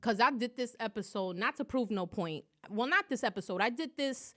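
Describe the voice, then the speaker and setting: A woman hosting her own podcast, talking loudly and profanely in a casual, animated solo monologue full of slang. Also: fairly high pitch, normal speed. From New York. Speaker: podcast host.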